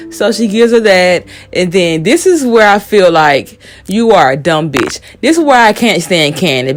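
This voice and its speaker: A woman hosting a casual show recap, blunt, heated and full of profanity. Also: lowish voice.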